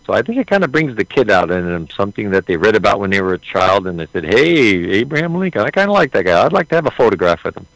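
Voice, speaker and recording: A man's voice: fairly low pitch, very animated, quick pace, gravelly, hardly any pauses, fairly bright tone, dry recording, poor audio. A man being interviewed about playing a historical figure, answering earnestly with hesitant restarts. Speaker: actor portraying Lincoln, interview guest.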